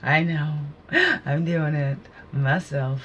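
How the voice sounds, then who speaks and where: A woman's voice: low-pitched, steady tone, slow, dull audio, slight background noise. Earnest woman giving spiritual guidance. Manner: earnest, conversational, preachy asides. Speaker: spiritual card reader. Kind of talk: casual spiritual guidance talk.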